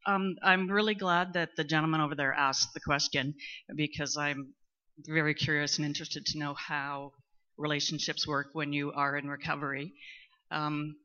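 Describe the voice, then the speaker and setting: A middle-aged woman, speaking candidly in a personal testimony at a recovery meeting, talkative and at times loud and boisterous. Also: low-pitched, little pitch movement, moderate pace. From Canada. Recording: muffled lo-fi recording.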